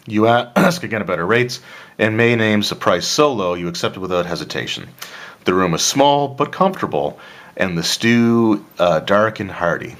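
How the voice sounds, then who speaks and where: Deep-voiced man reading a solo gamebook aloud. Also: lively intonation, moderate pace, a bit bright. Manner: casual, with asides and throat-clearing. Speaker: player of a solo tabletop adventure.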